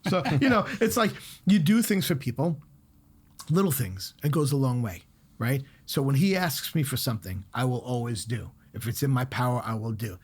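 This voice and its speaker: A middle-aged man, a guest chef, talking bluntly and telling animated stories in a casual podcast chat. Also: mid-range voice, normal speed, husky. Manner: blunt, animated storytelling with swearing.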